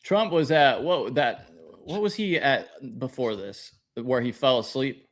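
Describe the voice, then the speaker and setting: Man, podcast co-host, relaxed casual chat, mid-pitched voice. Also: a little slow. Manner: easygoing, hesitant, trails off mid-sentence.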